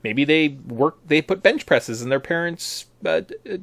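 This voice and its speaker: A man's voice: fairly high pitch, lively intonation, unhurried, vocal fry, fairly bright tone, no echo. A man co-hosting a casual sports podcast, rambling through his points with frequent restarts. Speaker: podcast co-host.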